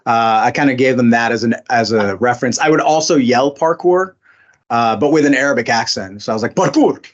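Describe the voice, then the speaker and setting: A man's voice: medium pitch, a little fast. Chatty man, slightly muffled audio. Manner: chatty, many fillers and restarts. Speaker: voice actor guest. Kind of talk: casual interview.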